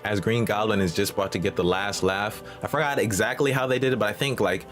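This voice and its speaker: Man, movie recap host, slangy, profane, casual banter, lowish voice, soft background music. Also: fast, few pauses.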